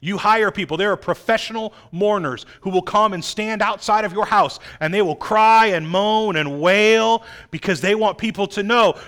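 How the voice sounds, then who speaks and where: A man preaching a sermon, dramatic, swinging between loud emphasis and hushed, quiet lines. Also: high-pitched, moderate pace, few pauses. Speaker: pastor.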